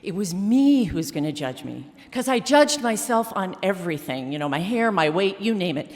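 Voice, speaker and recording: Animated woman telling a story on stage. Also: mid-range voice, normal speed. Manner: animated, comic, self-mocking delivery. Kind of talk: live storytelling performance. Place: theater stage before a live audience. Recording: reverberant theater hall.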